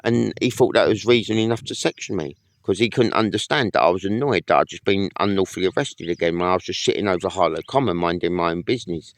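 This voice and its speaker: A man's voice: low-pitched, fast talker, few pauses, no room sound. A man in a casual monologue to camera, rambling and aggrieved, swearing often. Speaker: vlogger.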